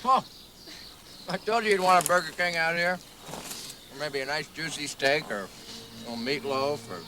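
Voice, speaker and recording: An actor playing a whiny, smug, cowardly chauvinist jungle guide in a comedy film, with music in the soundtrack. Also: male voice, fairly high pitch, normal speed, bright, forceful tone, slight background noise.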